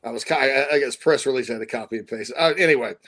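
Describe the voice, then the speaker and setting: A man's voice: mid-range voice, racing, fairly bright tone. Rambling man on a remote sports podcast. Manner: rambling, self-interrupting, chuckling. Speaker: podcast co-host. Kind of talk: casual sports talk. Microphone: home desk mic on a remote call.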